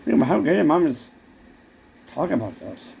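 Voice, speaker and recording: A man's voice: on the high side, very animated, brisk, vocal fry, mellow, slight background noise. A man in a rambling comic monologue who stammers and keeps repeating words.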